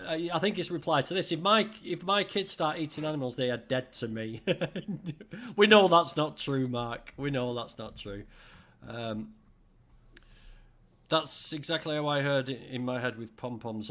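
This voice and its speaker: Middle-aged English male host, casual and animated, reads viewer comments with jokes. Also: medium pitch, normal speed. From England. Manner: chatty, animated, jokey asides. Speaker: livestream host.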